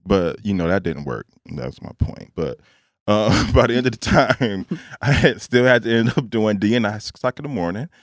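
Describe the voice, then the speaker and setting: Low-voiced man telling an animated story. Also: moderate pace, no echo, studio quality. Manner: animated storyteller who acts out quoted dialogue. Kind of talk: casual storytelling chat.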